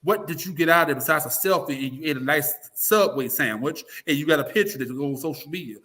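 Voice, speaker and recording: With a fairly high, pushed, bright voice, a man speaks rapidly as a political guest. The talk radio personality states his opinions bluntly and emphatically, swears frequently, and performs the voices of the people he quotes.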